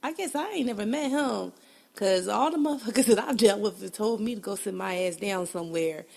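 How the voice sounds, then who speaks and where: A woman's voice: medium pitch, lively intonation, fairly quick, creaky, a little mellow. A woman hosting a casual solo podcast, blunt and profane, laughing often, a bit congested. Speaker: podcast host.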